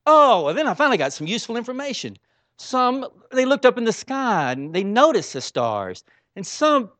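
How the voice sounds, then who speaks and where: A man preaching a sermon, swinging between soft asides and loud exclamations in a folksy, informal way. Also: on the high side, dry recording.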